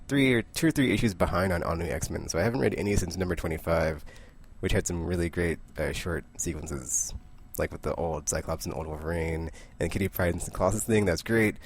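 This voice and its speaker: A young man with a low voice and a gravelly edge talks through his weekly comic pile in a loose, rambling way. He keeps going off on tangents, laughs at himself, and jumps into quick voices for the characters. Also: slight background noise. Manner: rambling, chatty, quick asides and little laughs. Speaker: comic book vlogger. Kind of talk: casual comic book review.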